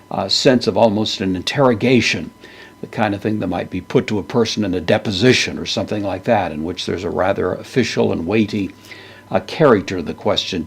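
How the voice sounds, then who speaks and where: Man, low-pitched, husky, measured Bible lesson, careful over Greek words. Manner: slow, deliberate, pronounces Greek words carefully. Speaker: Bible teacher.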